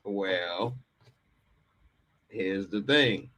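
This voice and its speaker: A man's voice: lowish voice, drawn-out words, sharp tone. A man hosting a live call-in podcast, telling a comic story with frequent laughter and acted-out voices. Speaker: podcast host.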